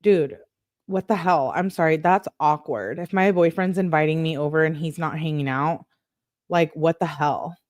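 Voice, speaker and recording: A woman's voice: deep voice, normal speed, a little mellow. A woman giving casual commentary as she reads text messages aloud, chatty and blunt with exasperated asides. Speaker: online commentator.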